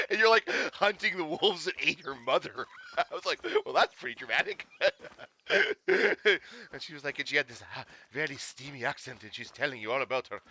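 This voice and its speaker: A man's voice: fairly high pitch, moderate pace, bright, forceful tone. A Canadian man streaming a hunting game, chatting casually, swearing and laughing often. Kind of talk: casual gaming stream chat.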